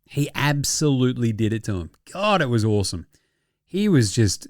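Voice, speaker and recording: A young Australian man hosting a podcast, excitable and slangy, swearing freely in casual sports chat. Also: mid-range voice, moderate pace, no room sound, clean studio sound. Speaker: podcast host.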